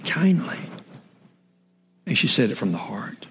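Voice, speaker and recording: A middle-aged man preaching a sermon as a pastor, with emphatic swings from raised shouts down to whispers. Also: mid-range voice, sing-song, measured pace, vocal fry. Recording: long hall reverb.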